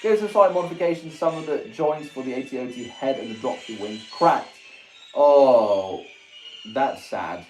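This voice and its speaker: A man hosting a casual livestream who reacts excitedly to viewers' messages and pictures, laughing often and exclaiming. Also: mid-range voice. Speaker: livestream host. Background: faint music.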